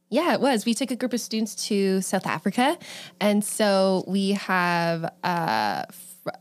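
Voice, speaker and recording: A woman co-hosting a podcast in casual chat, telling stories in an easygoing, hesitant way. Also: on the low side. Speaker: podcast co-host.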